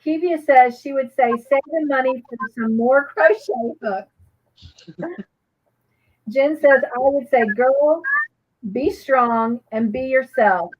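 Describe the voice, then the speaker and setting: A woman's voice: fairly high pitch, highs cut off. A woman co-hosting a live crochet show, chatting casually and reading viewers' comments aloud with gushing reactions.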